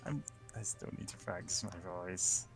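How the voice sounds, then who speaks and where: Brief: low, gravelly guy, unhurried, self-deprecating banter, faint music behind. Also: animated. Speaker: let's play participant. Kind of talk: casual chat.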